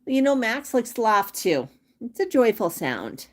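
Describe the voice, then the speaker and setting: A woman's voice: on the high side, big pitch swings, measured pace, a little mellow. A woman hosting a livestream about her pet parrot, reading viewer comments and chatting casually about bird care. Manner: sing-song baby talk to her bird, then chatty comment reading. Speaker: pet parrot channel host.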